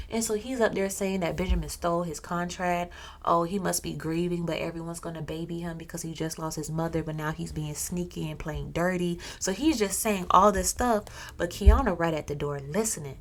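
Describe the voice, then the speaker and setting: A woman's voice: on the low side, brisk. Brief: casual woman storyteller, chatty, full of asides.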